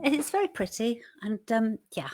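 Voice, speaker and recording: Woman guest, high pitched and husky, cheerful casual chat over a video call. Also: sing-song, normal speed, warm tone.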